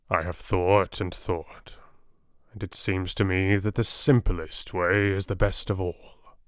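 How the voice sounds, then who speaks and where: A wise, patient old Dutch professor , as a male audiobook reader puts him on, lays out his reasoning in slow, deliberate, broken English. The voice sits a little low. It is recorded close and dry, with no room around it. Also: no room sound. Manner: broken, foreign-sounding English phrasing, grave and measured. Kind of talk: audiobook character reading.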